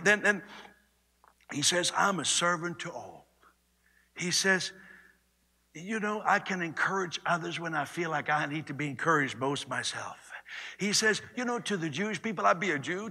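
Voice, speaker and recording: A man preaching a sermon in a conversational way, swinging between loud and hushed delivery. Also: a little high, creaky, slightly rough. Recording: long reverb of a large hall.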